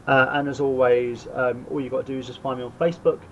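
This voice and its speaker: A man's voice: medium pitch, flat delivery, fast. A man hosts a casual podcast and rambles through his plugs with plenty of fillers. The audio is dull and lo-fi, with a faint hiss underneath. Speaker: podcast host.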